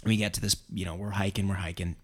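A man telling a hunting story in casual chat, animated and swearing freely, acting out what people said. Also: low voice, fast.

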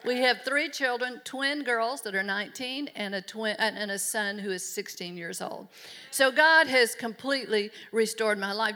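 A woman's voice: a little high, sharp tone. A middle-aged woman preaching a sermon in an emphatic, earnest way. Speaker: pastor.

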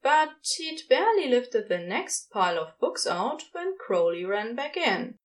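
A woman reading a fan story aloud in a gentle, expressive narration. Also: fairly high pitch, measured pace. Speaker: podfic reader. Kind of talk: scripted narration.

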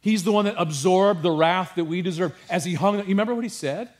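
A man preaching a sermon with passion, dropping to a hush and rising to emphasis, with casual asides to his congregation. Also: high-pitched, fast. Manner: passionate, swings from hushed to emphatic. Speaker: pastor.

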